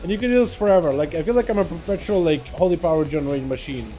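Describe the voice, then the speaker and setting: A livestream host chats casually through his gameplay, greeting viewers by name. His voice is fairly high and mellow, and he talks at a racing pace with faint music behind him.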